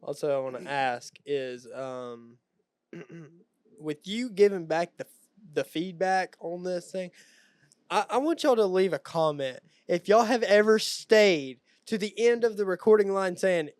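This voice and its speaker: Young male podcast co-host, high voice, animated and laughing, dry close sound. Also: measured pace, smooth, no room sound. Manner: animated storytelling, laughs often. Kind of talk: casual chat.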